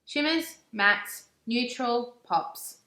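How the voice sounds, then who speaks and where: This beauty vlogger is a young woman whose voice sits a little high, with a sharp tone, and she talks extremely slowly. Reviewing makeup for her vlog, she's chatty and effusive, sprinkling in "like" constantly, all captured in an echoey space.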